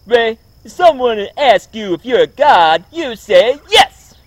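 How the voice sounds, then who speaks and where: A man doing an impression of a brash, wisecracking comedian in a loud, cocky voice. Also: very high voice, very animated, slow, no room sound, voice pushed up, full character voice.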